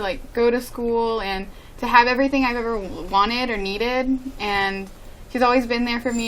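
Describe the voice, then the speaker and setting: Sincere teenage girl, fairly high voice. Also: slight background noise, poor audio. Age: late teens. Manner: sincere, steady thanks. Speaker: graduating student. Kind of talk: interview answers.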